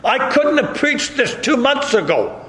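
A man's voice: very high-pitched, sing-song, unhurried, a bit bright. A man preaching a sermon in a church. He speaks emphatically and keeps repeating rhetorical questions. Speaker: pastor. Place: church sanctuary. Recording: echoey hall with long reverb.

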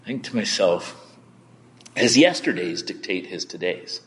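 A male pastor preaching in a conversational, candid way, often halting and repeating words as he tells a personal story. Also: low voice, lively intonation, a bit bright, in a large hall.

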